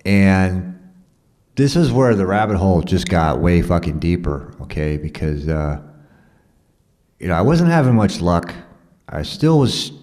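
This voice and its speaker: Guy with a really deep low voice rambling through a story, swears a lot, lots of ums and "you know"s. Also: darkish tone. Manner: rambling, profane, conversational, with many fillers.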